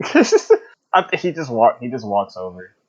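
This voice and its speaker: Lively young man on a muffled mic. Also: mid-range voice, measured pace. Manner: laughing, swearing, animated. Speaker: player. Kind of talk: casual game chat.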